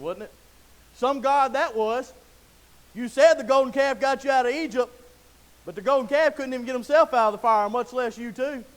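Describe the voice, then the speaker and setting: A man preaching a sermon in a folksy storytelling way, acting out Bible scenes and building to loud emphatic peaks. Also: very high-pitched.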